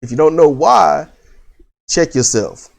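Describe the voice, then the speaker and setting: A man's voice: a little high, expressive, measured pace, gravelly. Rambling man reviewing a movie. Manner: rambling, frequent restarts and fillers, casual swearing. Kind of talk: casual spoken movie review.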